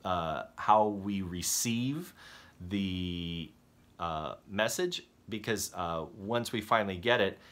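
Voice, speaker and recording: A man preaching a conversational sermon as pastor, halting and restarting often, and acting out the voices of story characters. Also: low-pitched, a bit bright. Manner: halting, self-correcting delivery that acts out story characters.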